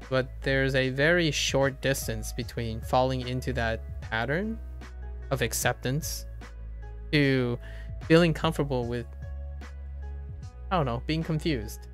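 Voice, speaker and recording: A man's voice: medium pitch, a bit bright. A young man with a slight Southern American accent, chatting casually in a playful, rambling way and laughing often. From Southern United States. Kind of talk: casual chat.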